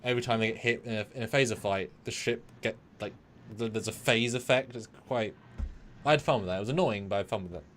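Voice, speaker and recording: A man's voice: lowish voice, quick pace, fairly bright tone, slight background noise. Chatty male livestream co-host. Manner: chatty, laughing, trailing off. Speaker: show co-host. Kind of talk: casual livestream chat.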